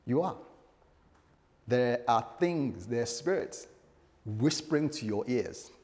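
A man's voice: mid-range voice, lively intonation, slow, a little mellow. A male pastor delivering a sermon, telling stories animatedly and acting out the voices he quotes. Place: church hall. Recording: long hall reverb.

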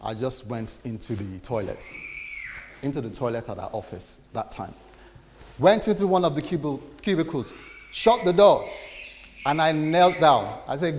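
A man preaching a testimony, telling a story in an animated way and acting out the voices in it. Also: mid-range voice, moderate pace, big-room sound, a little hiss or hum. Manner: animated, acts out quoted dialogue. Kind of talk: sermon storytelling.

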